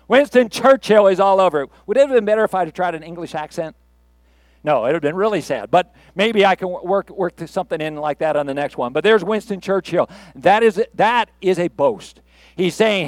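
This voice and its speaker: A man's voice: high-pitched, lively intonation, a little fast, no echo. A middle-aged man preaching a sermon in a conversational, playful way that builds to rousing emphasis. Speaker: pastor.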